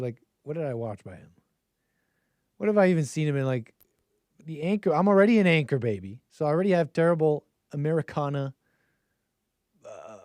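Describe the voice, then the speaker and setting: A man's voice: medium pitch, darkish tone, dry recording. A man hosting a call-in stream in casual commentary, rambling and joking, often laughing mid-sentence. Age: adult with a child. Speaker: call-in show host.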